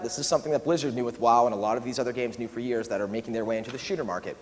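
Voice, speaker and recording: A man giving a conference talk in a quick, animated way, often acting out quoted asides. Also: mid-range voice. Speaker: conference speaker. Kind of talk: keynote talk. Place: large conference hall. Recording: long reverb of a large hall.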